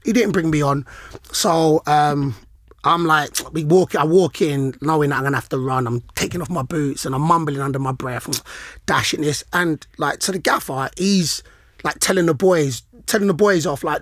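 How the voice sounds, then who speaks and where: A middle-aged man, co-hosting a podcast in casual chat, animated and slangy, acting out the people in his stories. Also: sits high, moderate pace, dry recording, studio quality. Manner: animated, slangy, acts out quoted lines. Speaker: podcast co-host, former footballer.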